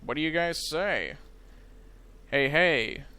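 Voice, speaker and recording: A man's voice: fairly high pitch, expressive, slow, bright, forceful tone, clean tone. A man from the United States giving casual let's play commentary, thinking aloud in a rambling, self-mocking way.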